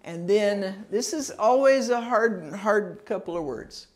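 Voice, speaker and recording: A woman leads a citizenship class at an unhurried pace, her voice sitting mid-range. She drills words one syllable at a time, patient and encouraging. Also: medium pitch, expressive, darkish tone. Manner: slow, clear, encouraging, sounds words out syllable by syllable. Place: classroom in a ministry center.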